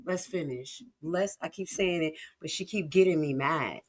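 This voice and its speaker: A woman streamer with reacts in heated, sarcastic bursts. She curses freely and drops from loud outbursts to low mutters. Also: normal speed. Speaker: live-stream commentator. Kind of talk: profane reaction commentary.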